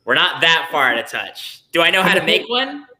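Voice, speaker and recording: A man's voice: fairly high pitch, sing-song, a little fast, pushed and bright. A man on a training call who banters in a teasing, self-mocking way. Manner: teasing and self-mocking, joking then taking it back. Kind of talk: casual group banter.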